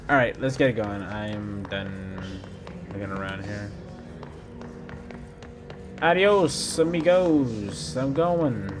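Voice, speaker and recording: A man giving casual let's-play commentary, playfully teasing enemies and breaking into high whoops. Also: measured pace, over music. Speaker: gameplay streamer.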